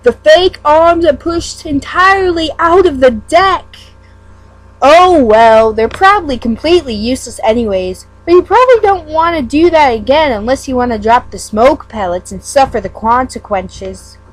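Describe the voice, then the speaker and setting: A woman's voice: high-pitched, animated, moderate pace, faint music behind, poor audio. A woman giving a casual read-aloud of a webcomic. She stumbles over words and breaks off into self-mocking asides. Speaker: fan reader.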